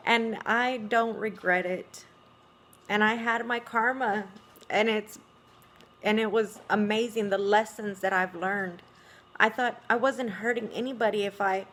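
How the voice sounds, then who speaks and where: A woman's voice: on the high side, fairly bright tone. A middle-aged woman talking reflectively to camera, with frequent small laughs and "you know"s. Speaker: vlogger. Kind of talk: casual spiritual monologue.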